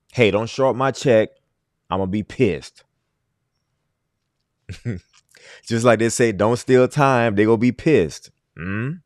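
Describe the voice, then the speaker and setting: A man's voice: fairly low pitch, a little mellow, dry recording, clean studio sound. A man hosting a livestream, talking in a casual, emphatic way and repeating his points. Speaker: livestream host.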